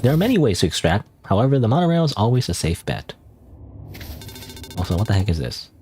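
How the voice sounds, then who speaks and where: Male gaming streamer, deep and animated, rambling, faint background hiss. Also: fast talker. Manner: rambling, hesitant, thinking aloud with many restarts. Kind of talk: casual gameplay commentary.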